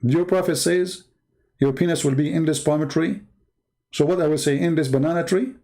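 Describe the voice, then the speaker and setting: A man's voice: on the high side, steady tone, normal speed, warm tone. A man hosting his own channel, delivering a blunt, scornful monologue. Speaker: channel host. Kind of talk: combative monologue.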